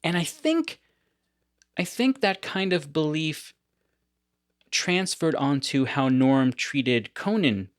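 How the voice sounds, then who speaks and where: Guy hosting a podcast, chatty and lively, laughs a lot, dry close mic. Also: a little high, slow pace, pauses often, no echo. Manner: animated storyteller, laughs often. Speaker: podcast host. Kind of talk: casual podcast chat.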